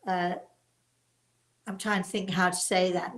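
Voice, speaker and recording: An older woman hosting a live show as a psychic medium, talking in a chatty, encouraging and self-deprecating way with a hoarse voice that is still recovering. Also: medium pitch, takes it slowly, long pauses, rough recording. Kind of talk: live online call-in talk.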